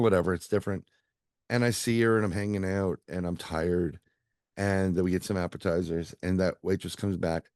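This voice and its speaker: A man's voice: low-pitched, dark tone, no echo, clean studio sound. A middle-aged man, a psychic medium, telling a rambling story over a video call and acting out the other people's lines. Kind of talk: casual storytelling interview.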